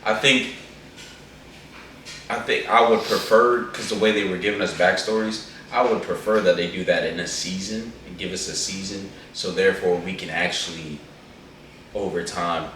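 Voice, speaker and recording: A man with a low voice chats in an animated, slangy ramble. He sits away from the mic in a very echoey room. A faint hum runs under him. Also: normal speed, recorded from a distance. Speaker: co-host reviewing an anime movie. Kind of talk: casual chat.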